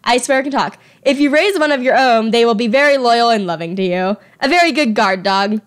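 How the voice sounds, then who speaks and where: A woman's voice: a little high, a little fast. A young woman talking casually over her drawing at home, chatty and self-deprecating, sometimes tripping over her words. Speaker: artist presenting her fan creature designs.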